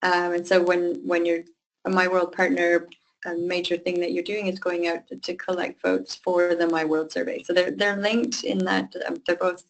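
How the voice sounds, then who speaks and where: A woman's voice: lowish voice, flat delivery, normal speed, low-quality recording. A woman on the organizing team of a webinar, explaining and reassuring partners in a casual way with frequent ums. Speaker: webinar co-host for the campaign team.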